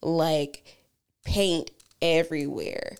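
A woman's voice: low voice, steady tone, drawn-out words, darkish tone, clear, resonant tone. A woman in her twenties, a podcast co-host who tells a meandering story casually, with lots of fillers and some swearing.

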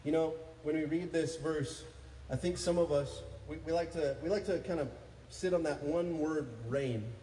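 Man in his 30s, pastor type, mellow timbre, energetic sermon with call-and-response, echoey hall. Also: a little high, normal speed. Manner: energetic preaching, calls for responses, rises to loud peaks. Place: church sanctuary. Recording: echoey hall, faint ambience.

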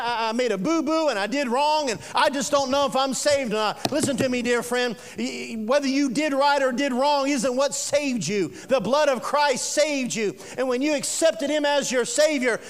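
A man preaching a sermon as pastor, dropping to a hush and slowing hard on key words. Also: extremely high pitch, clear, resonant tone. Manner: preaching with sudden drops to a hushed voice and slow emphatic stresses. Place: church sanctuary. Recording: long reverb of a church sanctuary.

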